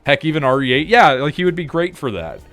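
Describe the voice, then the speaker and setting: A man's voice: a little high, very animated, fast, fairly bright tone, soft background music. A man streaming a game, chatting casually in a rambling way, with frequent restarts, laughs and casual swearing. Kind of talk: casual chat while gaming.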